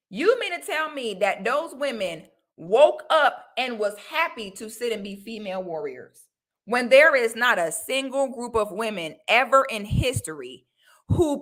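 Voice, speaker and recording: A woman's voice: fairly high pitch, sharp tone. A young woman, hosting a livestream and delivering a heated, profane commentary in emphatic bursts. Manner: emphatic, profane, rants in rising outbursts. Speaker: livestream host.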